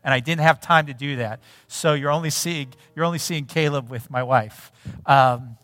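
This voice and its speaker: Middle-aged male pastor, storytelling sermon, lively, dry close mic. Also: mid-range voice, normal speed, dry recording. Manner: animated storytelling, acts out dialogue. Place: church sanctuary.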